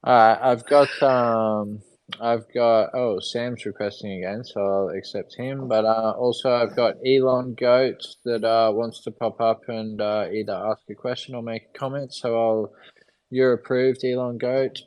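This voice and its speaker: A man hosting a casual online audio chat from his phone, relaxed and laughing easily as he brings in speakers. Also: mid-range voice, unhurried, smooth.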